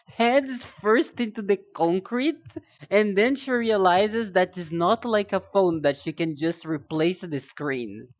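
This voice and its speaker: A young woman streaming live, chatting casually in a rambling, self-deprecating way, often stumbling over and repeating her words. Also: mid-range voice.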